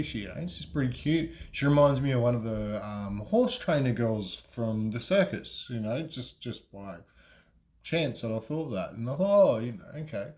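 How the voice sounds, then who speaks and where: A middle-aged man hosts a podcast and tells a long, rambling story. He talks casually, with plenty of ums and you-knows. His voice sits at an ordinary middle pitch. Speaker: podcast host.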